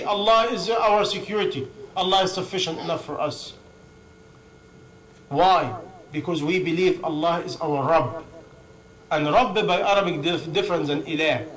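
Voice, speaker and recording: A man with a fairly high voice delivers a sermon in non-native English. He hammers home each point with long lists and quick rhetorical questions, then answers them himself. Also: fairly bright tone, low-quality recording. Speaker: preacher.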